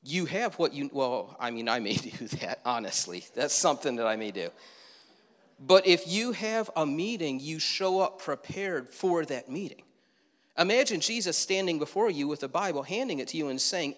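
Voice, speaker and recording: A man's voice: fairly high pitch, lively intonation, moderate pace, fairly bright tone, in a large hall. Conversational male pastor preaching in a church. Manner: conversational preaching with rhetorical questions and asides. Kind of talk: sermon. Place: church sanctuary.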